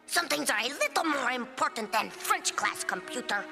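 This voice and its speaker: A woman's voice: sits high, expressive, normal speed, gravelly. Dexter, a bossy boy genius voiced by a woman. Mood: commanding. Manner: commanding, clipped and theatrical. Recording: cartoon audio under loud music.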